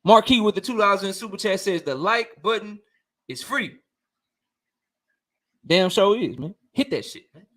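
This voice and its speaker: A man's voice: high-pitched, expressive, moderate pace, long pauses, bright, forceful tone. A young man hosting a casual livestream debate, talking heated and slangy, repeating himself and often laughing. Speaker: host.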